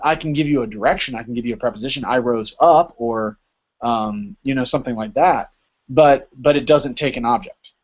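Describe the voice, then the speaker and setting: A man teaching a Greek class in a casual lecture style, often checking in with "right?" as he explains. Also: mid-range voice. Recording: dull lo-fi recording.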